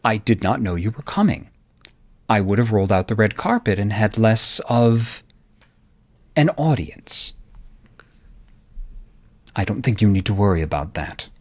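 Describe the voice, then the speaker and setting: A man voicing a guarded vampire who speaks in a low, formal, coolly courteous way. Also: measured pace, dry recording.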